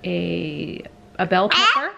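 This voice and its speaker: A woman in her thirties talking casually to camera in her home kitchen, relaxed and chatty with frequent ums. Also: on the low side, slow pace, creaky, a little hiss or hum. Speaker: vlogger mother. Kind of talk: casual family vlog chat.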